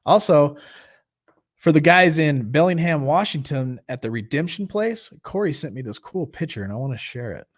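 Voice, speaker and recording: A man's voice: fairly high pitch, animated, moderate pace. Earnest man hosting a recovery meeting. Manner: earnest, loose and conversational, leads group prayer. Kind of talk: casual livestream meeting talk. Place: home, livestream.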